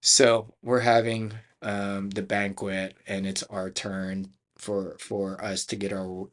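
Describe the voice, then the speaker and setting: A man's voice: fairly low pitch, flat delivery, slow pace. A middle-aged man from Philadelphia, a karate school owner, telling his life story as a podcast guest in a chatty, rambling way with many restarts. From Philadelphia, United States. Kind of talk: casual storytelling interview.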